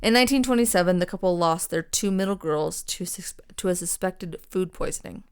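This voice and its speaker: Speaking a little fast, this podcast co-host, a young woman, has a lowish voice that's clear and resonant. Her true crime retelling is casual and rambling, full of ums, restarts and swearing.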